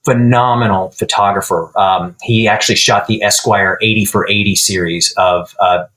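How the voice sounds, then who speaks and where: Male guest, lower voice, relaxed anecdotal storyteller on a podcast. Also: moderate pace, low-quality recording. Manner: relaxed storyteller who acts out quoted dialogue. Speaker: guitar builder guest. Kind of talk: casual storytelling interview.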